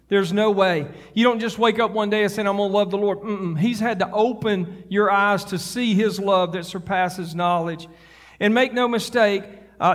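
Fervent high-voiced pastor preaching. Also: male voice, a bit bright, big-room sound. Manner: fervent, rising to hollering. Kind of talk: sermon. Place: church sanctuary.

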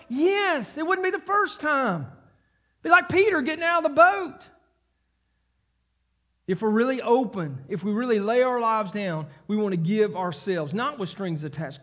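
A man preaching a sermon, reading scripture and rising into fervent, near-shouted emphasis. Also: very high voice, expressive, normal speed. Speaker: pastor.

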